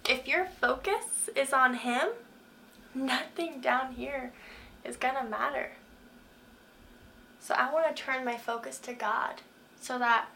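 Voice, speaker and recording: A woman's voice: sits high, fairly even intonation, unhurried, vocal fry, long pauses, sharp tone. A young woman giving a faith-based motivational talk, speaking earnestly and putting direct questions to the listener. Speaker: Christian speaker.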